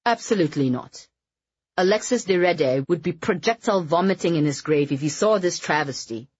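A snobbish young man mutters his disdain under his breath, as a woman narrator puts him on. His voice stays low and husky. The audiobook recording sounds dry and dull. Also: lively intonation, brisk, darkish tone, no room sound. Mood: disdainful. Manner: muttering, scornful.

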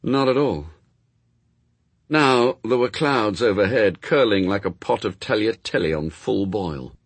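Male audiobook narrator, wry and expressive, husky, dry close mic. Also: lowish voice, measured pace, dry recording.

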